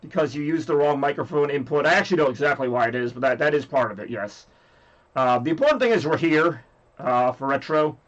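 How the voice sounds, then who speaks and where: A man's voice: fairly high pitch, expressive, brisk, fairly bright tone, highs cut off. Scratchy-voiced man hosting a stream. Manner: rambly, jokey, reads chat aloud. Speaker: livestream host. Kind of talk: rambling casual stream chat.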